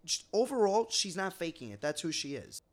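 A woman's voice: fairly low pitch, big pitch swings, fairly quick. A woman co-hosting a podcast, talking with gushing enthusiasm. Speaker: podcast co-host. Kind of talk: casual chat.

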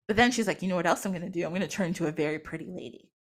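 A woman's voice: on the low side, very fast. A young woman hosting a podcast, casually retelling a myth in slangy modern quotes and laughing often. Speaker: podcast host. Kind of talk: casual storytelling.

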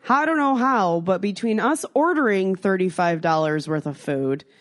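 A woman co-hosting a podcast, telling a wild night-out story in a casual, animated way, swearing freely and acting out the voices of the people in it. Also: mid-range voice, normal speed. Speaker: podcast co-host.

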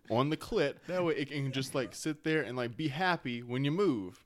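A man's voice: mid-range voice, lively intonation, normal speed, a little hiss or hum. A man co-hosting a podcast, chatting casually and bluntly, swearing freely. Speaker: podcast co-host. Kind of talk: casual chat.

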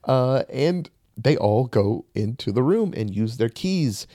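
Animated man recapping a movie. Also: medium pitch, slow pace, no echo, clean studio sound. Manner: animated retelling with laughs and acted-out quotes. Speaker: podcast host.

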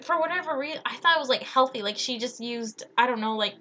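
A woman's voice: fairly high pitch, fast talker, hardly any pauses, slight background noise. A young woman co-hosting a podcast, telling a funny story in a casual, giggly way, full of "like". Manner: giggly, animated, lots of "like". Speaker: podcast co-host.

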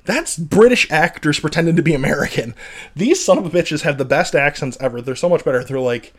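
A man co-hosting a casual gossip podcast with his wife, animated and joking, breaking into loud outbursts. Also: a little high, a little fast. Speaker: podcast co-host.

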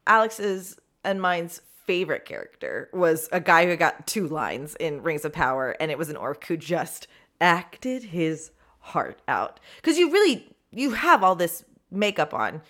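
A woman co-hosting a podcast in casual chat, playful and animated, with laughing asides. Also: on the low side, unhurried. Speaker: podcast co-host.

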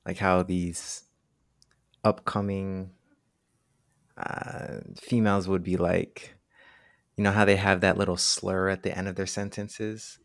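A man's voice: low voice, little pitch movement, slow pace, vocal fry, pauses often, fairly bright tone, no echo, studio quality. A young man, a guest on a podcast, telling stories in a laid-back casual chat and laughing easily.

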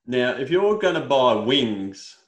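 A man's voice: medium pitch, slow. Ranting Australian man, echoey room. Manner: animated ranting, swears, says "mate" often. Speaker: podcast co-host. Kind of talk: casual chat.

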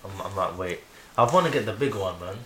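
A man's voice: low voice, expressive, brisk. A young man, co-hosting a casual chat in a laid-back way, full of fillers and slang. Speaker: podcast co-host. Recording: echoey room with faint hiss.

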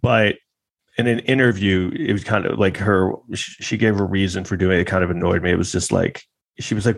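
Low gravelly guy ranting casually, lots of swearing and sarcasm. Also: moderate pace. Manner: profane, sarcastic, rambling.

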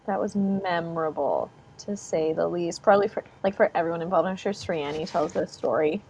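A woman's voice: lowish voice, normal speed, noisy background. A woman in her twenties, co-hosting a podcast and telling a shared childhood story in casual chat, laughing often. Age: 20s. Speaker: podcast co-host.

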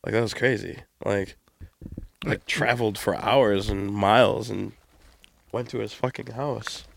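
A man's voice: on the low side, steady tone, a little slow, creaky, dry recording. A man hosting a podcast in casual, crude, rambling chat, joking around and slipping into silly voices. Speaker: podcast host.

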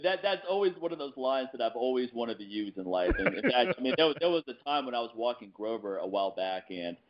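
A man hosts a relaxed podcast conversation, swapping anecdotes and laughing easily. His voice sits at an everyday pitch. The sound is a little muffled, like a home podcast mix. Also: fast talker, noisy background. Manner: lively storyteller who laughs often. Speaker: podcast host. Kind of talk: casual podcast chat.

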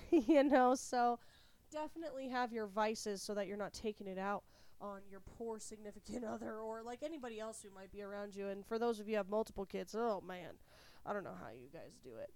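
A woman's voice: mid-range voice, fairly quick, no echo. A young woman from California hosting a podcast, a little sick, telling a story casually and candidly with plenty of swearing. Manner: candid, swears freely, animated retelling. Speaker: podcast host.

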